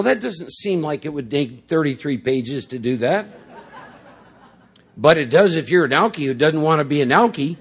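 A man's voice: fairly high pitch, husky. A middle-aged man speaking to a large audience at a recovery meeting, telling his story in a rambling way full of "you know" and "see?". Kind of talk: personal recovery talk to a group.

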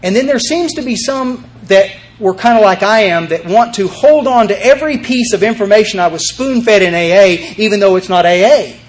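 An older man with a fairly high voice tells his recovery story to a meeting. He talks in lively bursts, acts out the voices in his tale, and often restarts his sentences. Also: moderate pace, few pauses.

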